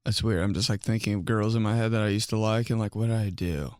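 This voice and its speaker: A man's voice: fairly low pitch, fast talker, a little mellow, no echo, clean studio sound. A young man telling casual comic stories about himself, rambling, full of fillers and laughing at his own jokes. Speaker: comedian. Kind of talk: casual comedic storytelling monologue.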